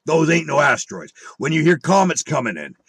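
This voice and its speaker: A man's voice: fairly high pitch, sing-song, fairly quick, fairly bright tone, breathy edge, no room sound. A man on an angry monologue full of swearing and rhetorical questions. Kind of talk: angry profane rant.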